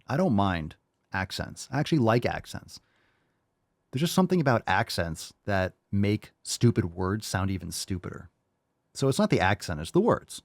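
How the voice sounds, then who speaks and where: A man's voice: lowish voice, sing-song, moderate pace, no room sound, clean studio sound. A man hosting a reaction commentary, blunt, profane and mocking. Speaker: host.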